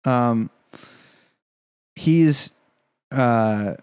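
A man's voice: medium pitch, very slow, darkish tone, clear, resonant tone. A man co-hosting a podcast in casual chat, joking crudely and swearing a lot. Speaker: podcast co-host.

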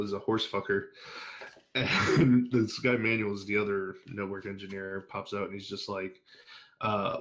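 Male podcast guest, lowish voice, casual storyteller who laughs and swears freely. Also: fairly bright tone. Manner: laughing, swearing, acts out coworkers.

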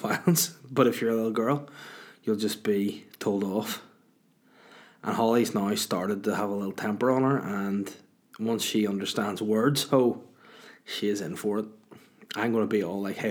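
A man's voice: lowish voice, darkish tone. A young man chatting casually on his solo podcast, telling crude, joking stories and swearing freely. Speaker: podcast host.

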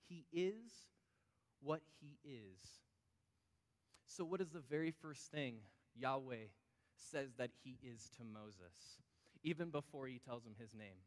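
A male pastor preaches with a slightly raised pitch, talking with the congregation and asking them questions. His voice rings out in a hall with long reverb. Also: fairly bright tone. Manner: conversational, asks the audience questions. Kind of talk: sermon.

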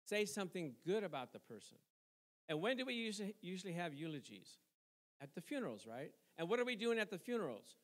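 A man's voice: high voice, sing-song, quick pace, a bit bright. A middle-aged male pastor preaching a sermon in a conversational way, tossing questions to the congregation and chuckling between points. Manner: conversational preaching with call-and-response asides and chuckles.

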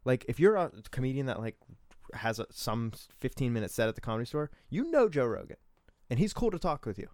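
A young man in a casual podcast chat, excitable and swearing, full of fillers. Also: mid-range voice, fairly quick, no room sound, studio quality.

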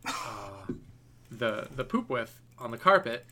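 Podcast co-host, male, bright and punchy tone, loose rambling storyteller. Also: mid-range voice, slow. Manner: rambling, animated storytelling with many fillers. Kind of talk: casual storytelling chat.

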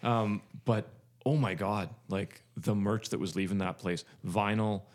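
A man's voice: fairly low pitch, steady tone, unhurried, a little mellow. A man co-hosting a podcast in casual chat, rambling with lots of fillers and jokes. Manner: rambling, filler-heavy, jokey. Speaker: podcast co-host.

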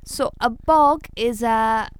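A woman's voice: fairly high pitch, takes it slowly, smooth. A woman co-hosting a podcast, explaining things patiently in casual chat. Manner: explaining patiently, laughs easily. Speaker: podcast co-host.

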